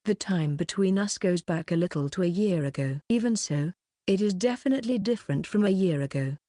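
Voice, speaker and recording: A woman narrating an audiobook in a steady, even read. Her voice sits on the low side, and the recording is dry and close, with no room sound. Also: a little fast, no room sound. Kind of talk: scripted narration.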